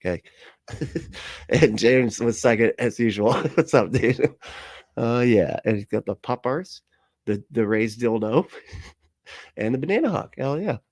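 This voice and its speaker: A man's voice: medium pitch, expressive, measured pace, long pauses, darkish tone, no room sound, studio quality. A man hosting a casual livestream, reacting with sarcasm, frequent laughs and rambling asides. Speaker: livestream host reacting to a video.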